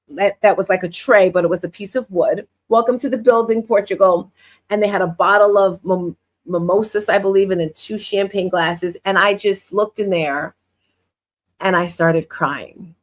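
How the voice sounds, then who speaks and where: A middle-aged woman from New Jersey hosting a podcast, telling a story in a lively, animated way and acting out what others said. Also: mid-range voice. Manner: lively, animated retelling with quoted voices. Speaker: podcast host. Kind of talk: casual storytelling to listeners.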